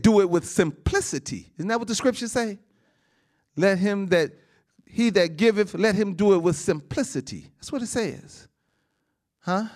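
Lively pastor preaching with bursts and laughs. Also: male voice, a little high. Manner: laughs often between lines, asks the congregation for amens; swings from loud bursts to quiet asides. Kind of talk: sermon.

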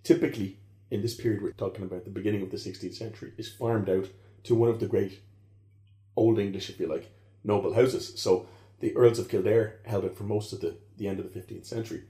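Man, fast, low dark voice, rambling explainer, echoey room. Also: fairly even intonation. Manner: rambling, self-correcting, digressive. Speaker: historian guest. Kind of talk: conversational expert explanation.

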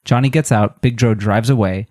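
A man's voice: fairly low pitch, moderate pace, a little mellow, no echo, clean studio sound. A man on a podcast panel, joking and recapping a story playfully. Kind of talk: casual chat.

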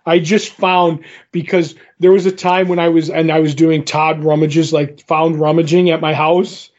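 A man's voice: on the high side, flat delivery, moderate pace, darkish tone, muffled recording. A man co-hosting a comic book podcast, retelling a story in a rambling, casual way with lots of fillers. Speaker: podcast co-host.

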